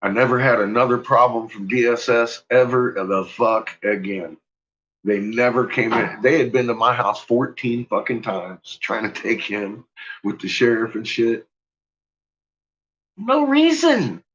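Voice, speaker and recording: A man's voice: medium pitch, steady tone, normal speed, a bit bright, muffled recording. Swearing, laughing man telling a story. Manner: profane, laughs often while telling. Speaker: vlogger telling a personal story. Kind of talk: casual storytelling.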